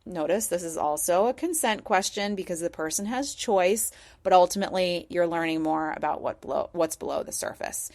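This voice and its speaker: Measured, thoughtful woman explaining. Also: fairly low pitch, creaky, a little mellow. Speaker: podcast guest. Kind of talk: conversational explanation.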